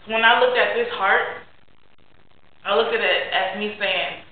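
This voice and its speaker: A woman's voice: mid-range voice, unhurried, long pauses, a little hiss or hum. Young woman, earnest class speech, heartfelt, very echoey room, tinny distant recording. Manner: earnest, heartfelt, trailing off softly. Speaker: student giving a speech. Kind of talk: prepared personal speech to a class.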